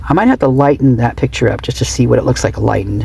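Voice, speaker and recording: A woman's voice: very deep voice, animated, fast, creaky, mellow, breathy edge. A woman true crime vlogger talking off the cuff in a chatty, rambling way with giggly asides. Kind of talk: unscripted casual vlog chat.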